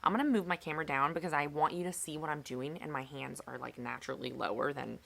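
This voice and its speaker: A young woman with a low, deep-set voice chats casually to her camera as she works on a craft. She talks in an upbeat way and pokes fun at herself. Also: quick pace, gravelly, heavy background noise. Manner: chatty, self-mocking, upbeat. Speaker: vlogger. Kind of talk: casual chat while crafting.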